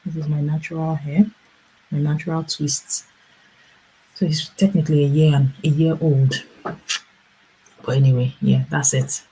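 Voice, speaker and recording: Low, mellow-voiced woman telling a story. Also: unhurried, long pauses, slightly rough, low-quality recording. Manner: animated storyteller, acts out quoted voices with laughs. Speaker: livestream host and business coach. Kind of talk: casual storytelling livestream.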